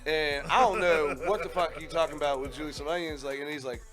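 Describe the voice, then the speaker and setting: A man hosting a radio show, telling a rowdy story in casual chat, animated and profane, often laughing. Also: a little high, fast, soft background music.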